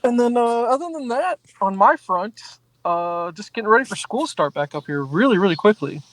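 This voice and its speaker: Chatty middle-aged man, slightly high voice. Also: lively intonation, a little fast, a bit bright, low-quality recording. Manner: chatty, laughs often, fillers. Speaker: podcast co-host. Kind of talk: casual chat.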